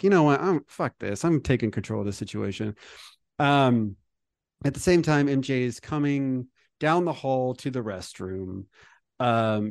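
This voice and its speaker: A man's voice: medium pitch, a little mellow, no echo. Dry-sounding man casually recapping a film. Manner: rambling, filler-heavy retelling with acted-out quotes. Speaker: podcast co-host. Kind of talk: casual movie recap chat.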